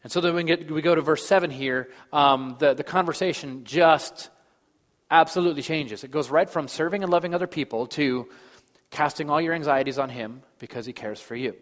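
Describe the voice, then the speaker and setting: Pastor preaching in a reverberant hall. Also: male voice, fairly high pitch, a little fast. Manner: swings between loud emphasis and soft, hushed delivery. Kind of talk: sermon.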